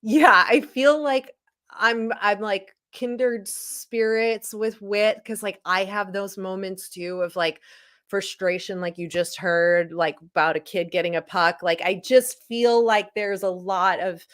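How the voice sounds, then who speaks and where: A woman from Chicago, a guest on a sports talk show, chatting casually and telling stories in quick animated bursts, full of likes. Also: medium pitch. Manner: animated storyteller, rapid bursts, rambling with many likes. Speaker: guest hockey podcaster.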